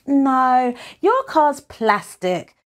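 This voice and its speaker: A woman's voice: a little high, big pitch swings, takes it slowly, voice pushed up, full character voice. A woman doing an eager, sly little boy in a storybook.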